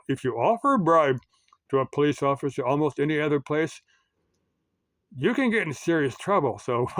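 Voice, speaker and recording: Man, American, casual rambling commentary, lots of fillers, mid-pitched, dead dry sound. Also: dry recording. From United States. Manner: meandering, full of fillers and restarts. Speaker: YouTube commentator.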